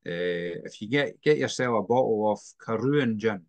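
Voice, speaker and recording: A man's voice: on the low side, expressive, moderate pace, dry recording. Easygoing Scottish man, dry sound. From Scotland. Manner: easygoing, agreeable, short replies. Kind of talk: casual chat.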